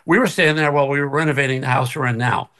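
A man's voice: medium pitch, racing, pushed and bright, smooth. An older man and actor telling a story as a guest on a video call from his kitchen, laughing often and acting out the voices he quotes. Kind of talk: casual anecdote on a video call. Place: home kitchen.

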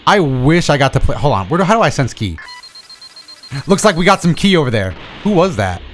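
Excitable high-voiced male gamer. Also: a little fast, soft background music. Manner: excitable, profane, talks to himself and laughs. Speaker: streamer. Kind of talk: casual gameplay commentary.

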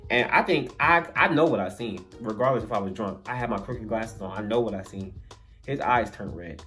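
A man telling a funny story in a storytime vlog, animated and acting out the voices of the people in it. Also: on the low side, a little fast, faint music behind.

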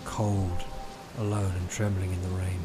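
A man's voice: low voice, flat delivery, unhurried, over loud music, voice pushed down. A man putting on a dramatic spoof ad announcer. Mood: ominous. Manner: theatrical, dramatic voice-over delivery. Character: over-the-top male insurance ad announcer. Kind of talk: spoof radio advert.

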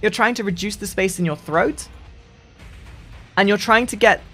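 A gaming streamer giving a casual voice-training tutorial in a lively, sing-song way, often restarting sentences. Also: moderate pace, faint music behind. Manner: lively, sing-song delivery with frequent restarts, dropping into deep demo voices.

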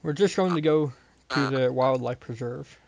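A young man playing a video game with friends, playful and given to loud outbursts. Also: mid-range voice, normal speed, vocal fry, no room sound. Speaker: let's play gamer. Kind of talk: casual gaming banter.

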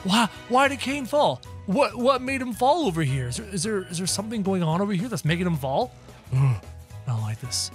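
Hyped up gamer dude narrating his game, high voice that jumps all over, faint music under it. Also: brisk. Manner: excitable, talks straight to viewers. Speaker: gaming YouTuber. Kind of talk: casual gameplay commentary.

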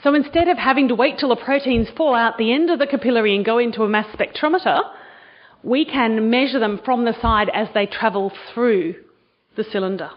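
A woman's voice: fairly high pitch, fairly quick, highs cut off. A woman giving a university science lecture to students, enthusiastic and quizzing the audience. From Australia. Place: lecture hall.

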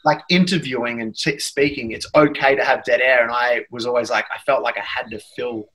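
A man's voice: medium pitch, steady tone, brisk, a bit bright, husky, rough recording. An Australian man, a guest actor, chatting casually in a rambling, self-deprecating way. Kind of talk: casual chat.

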